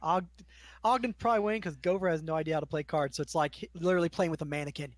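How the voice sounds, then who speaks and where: A man playing a tabletop game, joking and tossing out quick in-character quips. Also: a little high, dry recording. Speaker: player. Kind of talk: casual tabletop play.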